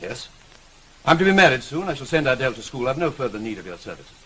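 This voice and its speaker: A brooding gentleman master. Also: mid-range voice, very animated, fast, slightly rough, rough recording. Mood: earnest. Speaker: employer. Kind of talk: 1950s television drama acting.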